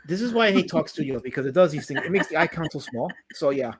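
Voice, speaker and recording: A man's voice: on the high side, animated, quick pace. A man hosting a live drawing stream, chatting casually and slipping into mock-offended, theatrical complaints. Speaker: livestream host.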